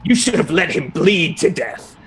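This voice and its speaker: A man's voice: a little high, very animated, moderate pace, a little hiss or hum. A man voicing a haughty female spirit who flies and possesses people, issuing imperious demands.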